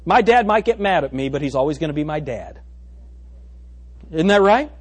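A male pastor preaching a sermon to his congregation, animated, firing rhetorical questions and calling for amens. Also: on the high side, normal speed, pauses often. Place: church service before a congregation.

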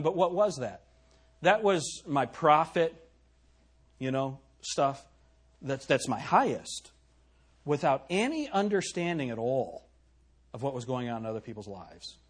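Middle-aged male pastor, husky voice, lively pitch, conversational sermon full of questions to the pews. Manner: animated preaching, rhetorical questions to the congregation. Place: church.

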